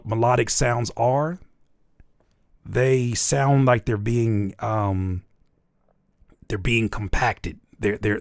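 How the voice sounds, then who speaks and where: A man hosts a live music-review stream, and his pitch jumps all over the place as he jokes and roasts. His talk is profane and playful, full of wordplay. The recording is dry and close, with almost no room sound. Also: creaky, dry recording. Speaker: music reviewer and livestream host. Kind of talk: live music feedback stream, joking and critiquing.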